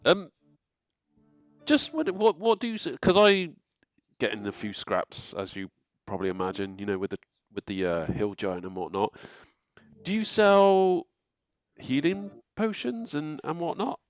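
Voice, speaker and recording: A man's voice: a little high, animated, a little slow, no echo, lo-fi sound, faint music behind. A man playing a tabletop game, chatting playfully and laughing often. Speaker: player. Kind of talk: casual tabletop game banter.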